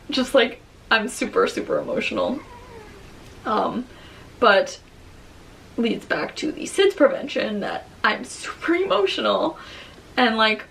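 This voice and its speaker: A woman's voice: medium pitch, gravelly, fairly bright tone, slight background noise. A young woman, a new mother, chatting candidly to camera at home in a rambling way, full of "um" and "like". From Long Island, New York. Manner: rambling and candid, many fillers like "um" and "like". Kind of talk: casual chat. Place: at home near her baby's crib.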